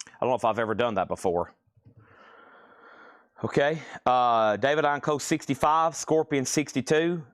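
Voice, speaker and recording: Male live-sale host, mid-pitched, loose and chatty, repeats lots and bids. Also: normal speed, pauses often. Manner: repeats item names and bids, casual and rambling. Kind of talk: live-stream auction selling.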